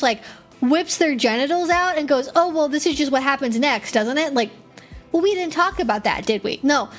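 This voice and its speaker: A woman hosting a live-stream Q&A as a kink educator, chatty and rambling, with many fillers and short laughs. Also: high-pitched.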